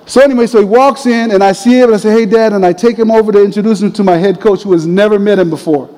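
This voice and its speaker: A middle-aged man telling a personal story in a lively, casual way, laughing often. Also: high-pitched, racing. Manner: animated, laughs often, uses casual fillers. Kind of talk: storytelling talk. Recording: long reverb of a large hall.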